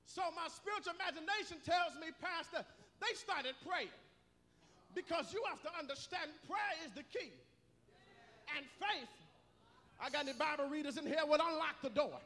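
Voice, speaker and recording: A male pastor preaching a sermon in a church, building rhythmic repeated phrases up into shouts. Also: very high-pitched. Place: church sanctuary. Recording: long church hall reverb.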